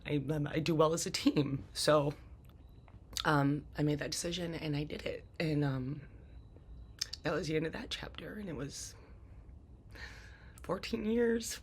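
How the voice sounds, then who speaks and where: A woman's voice: sits low, unhurried, long pauses, slight background noise. A woman casually telling her own life story, rambling with many fillers and restarts.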